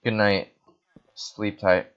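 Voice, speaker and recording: A man's voice: lowish voice, little pitch movement, takes it slowly, clear, resonant tone. A man from the Philippines giving jokey, erratic gaming commentary while tipsy on wine, breaking into sudden screams. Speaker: gaming host. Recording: dull lo-fi recording.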